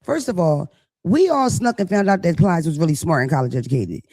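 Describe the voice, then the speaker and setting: A man's voice: a little high, animated, a little fast, a little mellow. A man co-hosting a podcast, gossiping crudely and theatrically and mimicking people he talks about. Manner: gossipy, theatrical, quotes people in mock voices. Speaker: podcast co-host. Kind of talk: crude comedic casual chat.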